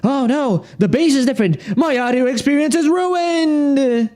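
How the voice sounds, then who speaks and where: Man doing a high, scornful know-it-all gamer who mocks everyone. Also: lively intonation, unhurried, a little mellow. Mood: whiny mockery. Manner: scornful, mocking. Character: sneering young male online know-it-all.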